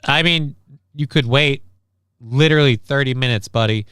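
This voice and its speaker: Casting note: male streamer, casual and crude, smooth clear voice, dry close mic. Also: mid-range voice, moderate pace, a bit bright, no echo. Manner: offhand, profane, reads chat and news aloud. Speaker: livestream host. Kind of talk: casual livestream chat.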